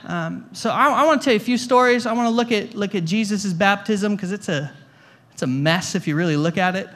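A man's voice: sits high, brisk, fairly bright tone. A young adult man preaching a storytelling sermon as a guest pastor, talking conversationally with jokey asides and stumbling through lots of repeated words. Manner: stammering restarts, repeats words.

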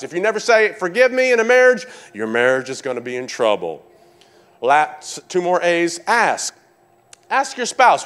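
A man preaching a sermon, animated, calling out to his congregation and repeating phrases for emphasis. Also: high voice, a little fast. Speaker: pastor.

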